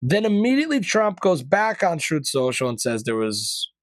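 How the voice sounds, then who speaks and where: A male podcast host rambles casually through current events, dropping opinionated asides, slang, and mild profanity. His voice is a little high and sing-song, at a moderate pace, in a dry recording.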